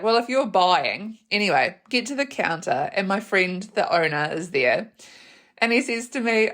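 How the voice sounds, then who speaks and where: A woman with a New Zealand accent hosting a podcast, telling a funny story in a casual, animated way, laughing often and acting out what people said. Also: lowish voice. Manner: animated, laughs often, acts out quoted voices. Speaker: podcast host.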